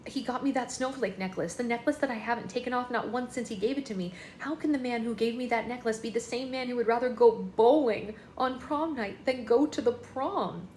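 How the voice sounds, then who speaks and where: A woman's voice: fairly low pitch, steady tone, normal speed, a little hiss or hum, lightly acted. A woman reading the lines of a dramatic, emotional teenage girl in an echoey room, indignant and pleading. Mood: upset.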